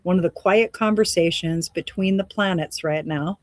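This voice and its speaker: A woman's voice: on the low side, normal speed, no room sound, clean studio sound. A woman hosting a spiritual meditation talk, meandering and reflective with frequent laughs, slightly out of breath. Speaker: meditation and energy reading host.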